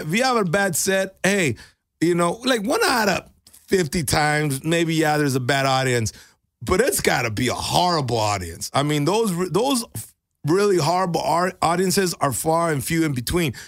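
A middle-aged man with a high voice tells comedy stories in a casual podcast chat, animated and swearing freely. The recording is dry and close, with no room sound. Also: moderate pace, no echo. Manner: animated storyteller, swears and says bro.

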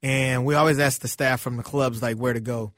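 A man who is a comedian, talking as a guest on a studio show, easygoing and quick to laugh. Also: mid-range voice, fairly even intonation, a bit bright, dry recording. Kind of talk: casual studio interview.

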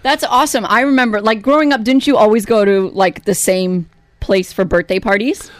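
A woman's voice: mid-range voice, a little fast, dry recording. A woman co-hosting a radio show, chatting casually and teasing her partner on a close studio mic. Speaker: radio co-host.

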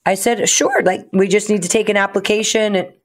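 A woman's voice: mid-range voice, fairly even intonation, a little fast. A woman co-hosting a radio show who explains mortgage advice in a practical, casual way. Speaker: mortgage lender, radio co-host.

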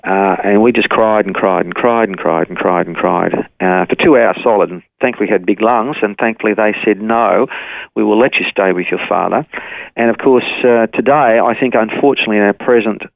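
Older man, Australian accent, warm storyteller, phone-line sound, dry. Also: on the low side, brisk, creaky, no echo. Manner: warm storytelling, repeats the host's name. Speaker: guest, ministry founder. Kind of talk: radio interview over the phone.

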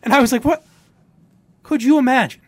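A man's voice: extremely high pitch, fairly quick, dry recording. A man hosting a podcast, telling stories in casual chat and mimicking the people in them. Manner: animated storytelling, mock voices for others. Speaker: podcast host.

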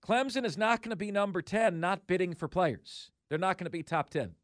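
A man's voice: high voice, lively intonation, fairly quick, no room sound, clean studio sound. A man hosting a sports talk radio show, arguing his opinions emphatically, hammering points home through repetition.

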